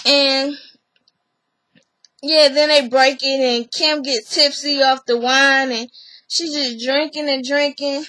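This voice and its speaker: A woman's voice: high voice, slow pace, no echo, rough recording. A woman vlogger recapping a TV episode in a casual, chatty way. She acts out what people said and laughs often. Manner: animated storyteller who acts out other people's lines.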